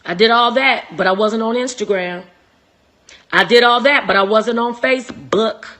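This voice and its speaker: A young woman hosting a live-stream relationship talk, preachy and emphatic, repeating phrases and swinging from soft to shouting. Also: on the high side, normal speed.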